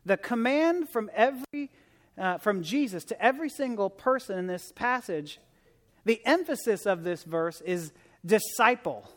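A man's voice: high voice, animated, a little slow. A man giving a sermon as a visiting preacher, earnest and conversational, often restarting and repeating words, rising to emphatic exhortation. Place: church sanctuary. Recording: long reverb of a large church hall.

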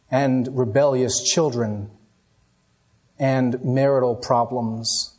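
A man giving an evening sermon, telling a story dramatically and moving between hushed and raised passages. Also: on the high side. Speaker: pastor.

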